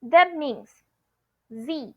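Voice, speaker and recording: Slow-talking teacher woman. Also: sits high, animated, dull audio. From Taiwan. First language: Mandarin. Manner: patient, explaining step by step with frequent "okay?". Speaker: Mandarin teacher. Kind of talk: online language lesson.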